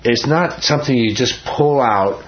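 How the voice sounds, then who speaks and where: A man who teaches the Bible leads an informal study, speaking earnestly and conversationally and asking his listeners questions. His medium-pitched voice is a little slow, and the audio sounds dull.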